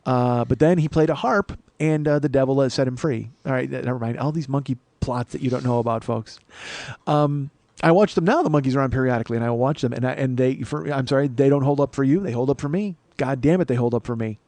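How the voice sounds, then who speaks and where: A middle-aged man hosting a comedy podcast, rambling through a solo monologue with self-mocking asides and sudden bursts of loud mock-outrage. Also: mid-range voice, fast talker, no echo. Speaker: podcast host.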